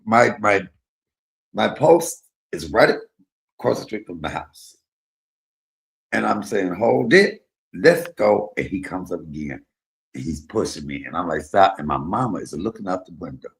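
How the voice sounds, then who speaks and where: A middle-aged man hosting a casual chat, telling profane, animated stories. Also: sits low, normal speed, creaky, pauses often. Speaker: host.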